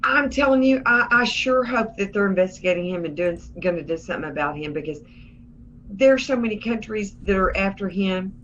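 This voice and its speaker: A woman's voice: mid-range voice, animated, fairly quick, fairly bright tone, slight background noise. A woman co-hosting a political livestream, talking in a sarcastic, emphatic, folksy way. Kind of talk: casual political commentary. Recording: dull lo-fi stream audio.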